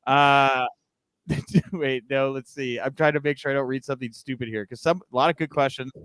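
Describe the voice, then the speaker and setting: A man's voice: mid-range voice, steady tone, brisk, fairly bright tone, clean tone, no room sound. A man hosting a live podcast, chatting casually and joking as he reads viewer comments. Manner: loose and joking, with frequent fillers. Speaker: podcast host.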